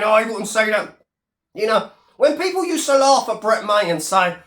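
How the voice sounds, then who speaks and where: A man's voice: high-pitched, very animated, a little slow, a bit bright, roomy sound. A man in his thirties ranting on his vlog, sneering and swearing at a rival. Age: 30s. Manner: sneering, profane, taunting. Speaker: YouTuber.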